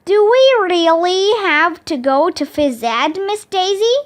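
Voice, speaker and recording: Casting: woman reading as a know-it-all schoolgirl, high and earnest, lively lilt. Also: slow pace, heavily acted.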